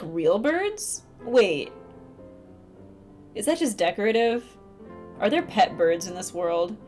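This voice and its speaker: A young woman live-streaming a dating sim, commenting casually, reading lines aloud and breaking into high laughter. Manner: giggly, bursts into high laughter. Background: faint game music.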